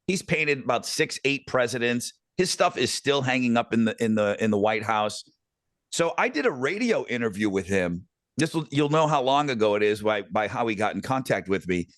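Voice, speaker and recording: Middle-aged male podcast host, lively pitch, dry close sound, rambling casual storytelling. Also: normal speed, no echo. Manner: rambling, animated anecdotes with many fillers.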